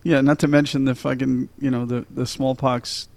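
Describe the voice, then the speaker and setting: A man's voice: mid-range voice, little pitch movement, normal speed, creaky, darkish tone. A man co-hosting a casual film chat, cracking crude jokes and swearing freely. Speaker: podcast co-host. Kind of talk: casual movie recap chat.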